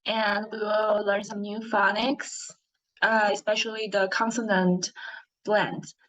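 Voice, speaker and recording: Slow, patient woman teaching English. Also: mid-range voice, flat delivery, fairly bright tone. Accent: Chinese. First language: Chinese. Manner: slow, clear teacher talk with questions to pupils. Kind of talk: online class lesson. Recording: dull lo-fi audio.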